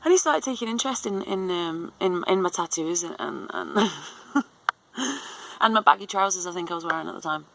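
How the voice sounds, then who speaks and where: A woman's voice: lowish voice, expressive, fairly quick, gravelly, fairly bright tone, poor audio. A woman in her thirties telling a long story in a rambling, casual way, full of fillers and restarts. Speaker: vlogger.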